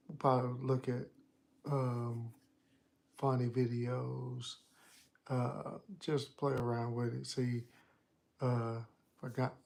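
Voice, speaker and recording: Man, host, casual chat, halting, gravelly, monotone. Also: medium pitch. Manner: halting, lots of "uh" and "um". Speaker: host and dating reviewer.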